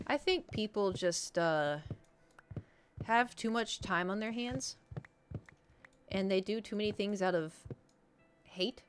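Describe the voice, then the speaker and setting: A woman's voice: mid-range voice, animated, slow, pauses often, a little hiss or hum. A woman streaming, chatting casually and animatedly with her viewers. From United States. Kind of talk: casual chat with chat.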